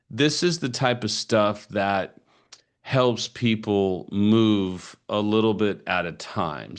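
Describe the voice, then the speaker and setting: A man hosting a podcast interview, encouraging and affirming his guest. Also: on the low side. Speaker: podcast host. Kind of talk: casual interview chat.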